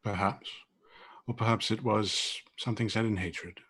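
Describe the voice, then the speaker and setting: A man voicing Simon, a terse and guarded brother who speaks quietly and coldly in a tabletop role-play. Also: fairly low pitch, fairly even intonation, moderate pace, husky.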